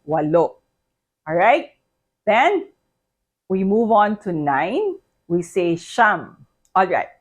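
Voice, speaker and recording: A woman with a Filipino accent teaching a language lesson, patiently repeating each word and asking the listener to say it back. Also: fairly low pitch. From Philippines.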